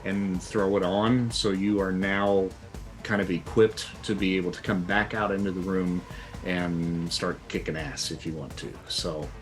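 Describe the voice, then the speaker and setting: A man's voice: low voice, steady tone, a little slow, soft background music. A man running an online tabletop game as game master, patiently explaining rules and the scene step by step with many fillers.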